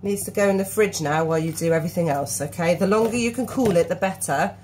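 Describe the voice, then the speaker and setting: A woman's voice: fairly low pitch, quick pace. Woman, thirties, chatty cooking vlog, coaxing a child, phone mic, noisy kitchen. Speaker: parent teaching a recipe. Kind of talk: casual cooking demonstration. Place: home kitchen. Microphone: phone camera held by hand. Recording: noisy home kitchen recording.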